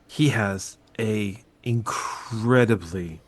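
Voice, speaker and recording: A man co-hosting a podcast in casual chat, animated and swearing freely, his voice jumping up when excited. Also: on the low side, extremely slow, slight background noise. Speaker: podcast co-host.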